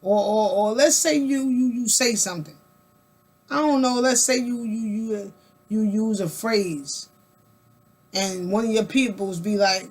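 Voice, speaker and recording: At a measured pace and medium pitch, a woman vlogger delivers a casual monologue. She talks colloquially and emphatically, repeating words, aiming rhetorical questions at the listener, and rambling with restarts.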